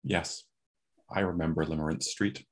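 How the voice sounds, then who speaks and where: A man's voice: rumbling low, fairly even intonation, moderate pace, pitched below the performer's own voice. A man voicing a very tall, thin stranger in a top hat who answers in short, precise statements. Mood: terse. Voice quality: precise, clipped.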